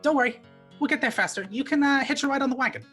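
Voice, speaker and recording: A woman voicing a cheerful, grateful wagon traveler in a tabletop game, with a bubbly, high voice. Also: fast talker, fairly bright tone, soft background music.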